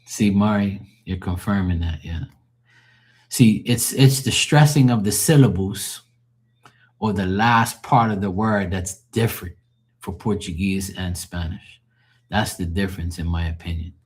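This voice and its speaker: Speaking a little slowly in a deep voice, a live streamer keeps things casual with his audience. He breaks down language differences for the chat, cusses here and there, and laughs readily.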